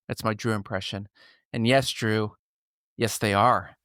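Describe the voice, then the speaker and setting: A man's voice: lowish voice, steady tone, a little slow, a bit bright, no echo, studio quality. A man hosting an upbeat podcast, enthusiastic and playful as he tells stories and welcomes guests. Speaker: podcast host.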